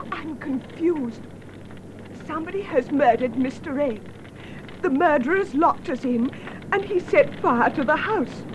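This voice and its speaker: A woman's voice: high-pitched, animated, slow pace, pauses often, noisy background. A woman playing a frightened young woman trapped in a burning house, anxious and pleading between coughs, in a scripted learner drama. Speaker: Mary, a character in a lesson drama.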